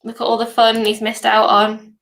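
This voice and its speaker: A young woman from northeast England with a softened Geordie accent and a sore throat, chatting casually as host of a hackathon livestream Q&A. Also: on the high side, monotone, moderate pace, vocal fry, slight background noise. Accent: softened Geordie, somewhat posh. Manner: chatty, reads questions aloud, hums while waiting.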